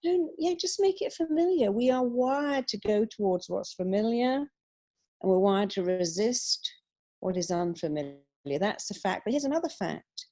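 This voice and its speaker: A middle-aged woman being interviewed on a radio show, giving upbeat advice and acting out quick quoted asides. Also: mid-range voice. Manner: animated, upbeat, quotes herself in little acted asides. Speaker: guest, hypnotherapist.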